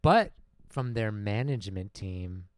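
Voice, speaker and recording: A man hosting a podcast, telling a comedic story in a casual, animated way and laughing often. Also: fairly low pitch, unhurried, no echo. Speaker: podcast host.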